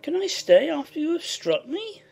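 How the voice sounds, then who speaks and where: A woman reading a dramatized novel, voicing Edgar Linton, a gentle, timid young man who speaks in a subdued, wounded way. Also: sits high, sing-song, normal speed, vocal fry, soft background music, pitched above the performer's own voice, heavily acted. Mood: hurt, subdued.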